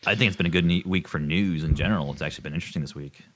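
Deep-voiced crude podcast co-host man. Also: racing, a bit bright. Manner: crude, laughs often, swears freely. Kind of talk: casual chat.

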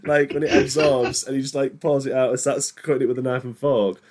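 A man's voice: medium pitch, fairly even intonation, brisk, a little mellow. A man hosting a podcast in casual chat, rambling with many restarts and fillers. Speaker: podcast host.

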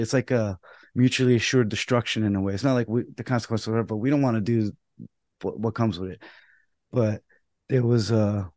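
Animated man telling umpire stories. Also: mid-range voice, no echo, studio quality. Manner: animated storytelling, acts out both sides of quarrels; swears casually. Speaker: podcast co-host and umpire. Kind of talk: casual podcast chat.

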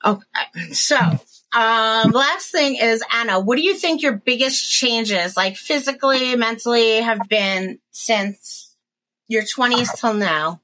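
A woman in her forties co-hosts a casual chat show, her voice bright and pushing forward. She speaks candidly and swears freely, trailing off and restarting as she recounts her own experiences. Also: fairly high pitch, lively intonation, slow, low-quality recording. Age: 40s. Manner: candid, profane, rambling with restarts. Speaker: podcast co-host. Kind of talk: casual chat, personal storytelling.

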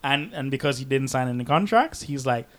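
A man's voice: mid-range voice, fairly quick. A man co-hosting a casual film podcast, telling stories with lots of energy and acting out the voices of the people in them. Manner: animated storyteller acting out quoted voices. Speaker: podcast co-host.

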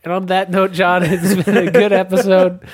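A man's voice: high voice, level tone, normal speed, no room sound. A man co-hosting a casual podcast, narrating a silly story with laughs and joking asides. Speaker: podcast co-host. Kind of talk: casual podcast chat, reading a story aloud.

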